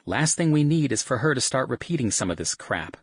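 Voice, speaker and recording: A man's voice: mid-range voice, very animated, fairly quick, breathy edge, dry recording, clean studio sound, voice pushed up. A man voicing an exasperated young mother who chides and whines at the men around her, in an audiobook. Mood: chiding. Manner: chiding, whiny. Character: young mother on a tour bus, exasperated and scolding. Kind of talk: audiobook character voice.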